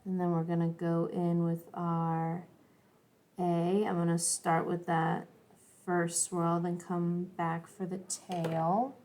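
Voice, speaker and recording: A woman's voice: lowish voice, flat delivery, slow, a little mellow, slight background noise. A young adult woman teaching an art lesson, chatty and encouraging, thinking aloud as she draws and colors. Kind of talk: classroom art lesson video.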